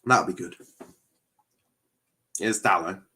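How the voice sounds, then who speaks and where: A man's voice: deep voice, slow, sharp tone, slightly rough. A man hosting a live football watchalong stream, reacting with exasperation and frequent swearing as he chats to viewers.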